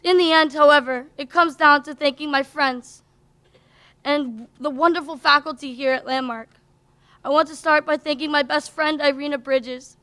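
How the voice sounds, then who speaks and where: A woman's voice: sits high, sharp tone. A young woman giving a heartfelt commencement thank-you speech as a graduating student, working through a list of names. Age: young adult. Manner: heartfelt, lists names one after another. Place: college commencement stage.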